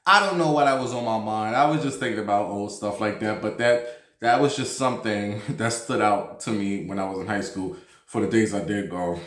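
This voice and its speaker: A man's voice: on the low side, fairly quick, fairly bright tone, echoey room. A man in his thirties hosting a vlog, telling a story in a loose, profane, chatty way with lots of fillers. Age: 30s. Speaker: vlog host. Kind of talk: casual storytelling and gossip chat.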